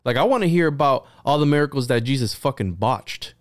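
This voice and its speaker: A man chatting on a podcast, telling stories in a rambling, profane, animated way. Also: medium pitch, a little fast, no echo, studio quality. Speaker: podcast guest. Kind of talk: casual podcast chat.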